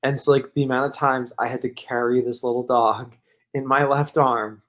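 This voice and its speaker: A man's voice: medium pitch, level tone, moderate pace. A man co-hosting a podcast, telling a long casual story that rambles, full of "like" fillers. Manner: rambling, heavy use of "like", laughs while telling. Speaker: podcast co-host.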